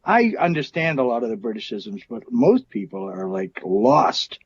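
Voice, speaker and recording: A man's voice: mid-range voice, very animated, moderate pace, slightly rough. Playful man calling in over video. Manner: playful, fond of wordplay and idioms. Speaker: call-in guest. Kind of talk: casual chat. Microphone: video call. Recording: muffled video call audio.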